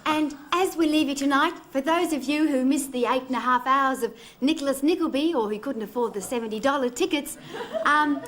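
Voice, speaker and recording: A woman's voice: high-pitched, brisk, a bit bright. A woman co-host with an Australian accent, introducing a segment while holding back giggles.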